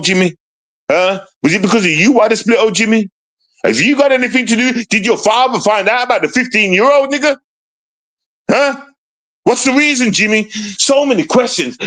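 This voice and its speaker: A man's voice: fairly high pitch, a bit bright, low-quality recording. A man hosting a live stream show, taunting and mocking someone with a stream of rhetorical questions and repeated call-outs to his audience. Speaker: show host.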